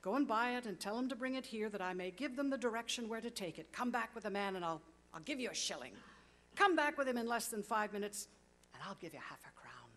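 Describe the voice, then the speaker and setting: A woman's voice: a little high, expressive, fast, a bit bright. Scrooge, a woman reading as an old miser. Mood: elated. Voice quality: urgent, exclamatory delivery. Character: remorseful old miser, pleading then overjoyed. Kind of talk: storybook reading.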